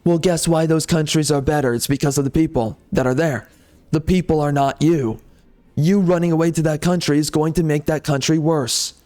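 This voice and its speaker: Ranting man, fairly high voice. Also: steady tone, moderate pace, warm tone. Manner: ranting, repetitive, exasperated. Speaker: gaming video creator. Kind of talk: heated commentary over gameplay.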